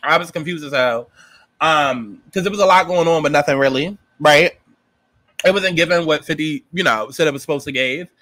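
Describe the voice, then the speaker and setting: A man giving a casual, profane recap and review of a TV episode, animated and sassy, acting out his own reactions. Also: on the high side, normal speed, no room sound.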